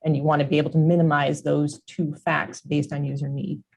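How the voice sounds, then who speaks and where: A woman's voice: low voice, flat delivery, brisk, vocal fry. A woman executive, a guest in a tech business interview, explaining her company's approach fluently.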